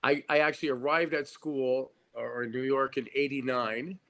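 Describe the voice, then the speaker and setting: A man's voice: mid-range voice, fairly even intonation, moderate pace, a bit bright. Frank middle-aged man with stammering restarts. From Canada. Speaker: guest actor. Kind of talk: casual podcast interview.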